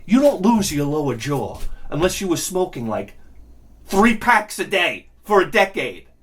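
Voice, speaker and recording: A man hosting his own video, telling a profane, comedic ranting story that swings from low mutters to shouting. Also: very animated, a little slow, breathy edge. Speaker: video host.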